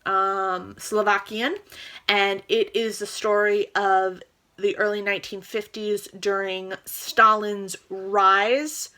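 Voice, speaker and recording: Bright-voiced, eager woman book vlogger. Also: mid-range voice, level tone, takes it slowly. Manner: eager and chatty, gushing over books. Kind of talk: casual book haul chat.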